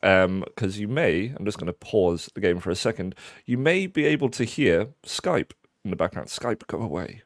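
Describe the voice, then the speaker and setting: A man's voice: lowish voice, animated, normal speed, dry recording, clean studio sound. A man hosting a game stream, chatty and teasing, often stammering as he restarts his sentences. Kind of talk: casual let's-play chat.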